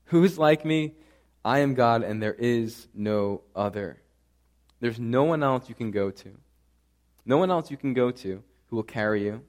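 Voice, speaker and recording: A pastor preaching a sermon with earnest conviction, repeating phrases and building to emphatic passages. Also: male voice, medium pitch, expressive, unhurried, darkish tone.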